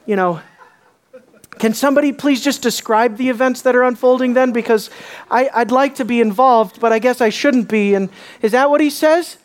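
A preacher giving an expository sermon who asks the congregation rhetorical questions and moves between hushed, solemn lines and impassioned, raised ones. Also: mid-range voice. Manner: slows and stretches key words for emphasis.

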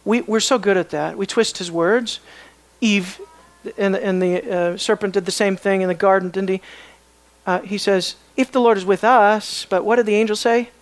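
A Bible teacher giving an expository lecture, often pausing to put questions to the students. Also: medium pitch, fairly even intonation. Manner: questioning, emphatic, pauses to ask the class.

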